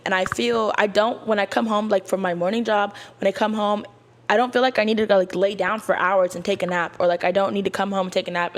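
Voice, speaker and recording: A young woman hosting a podcast, talking casually and straight to her listeners with lots of slang. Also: mid-range voice. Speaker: podcast host. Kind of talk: casual chat.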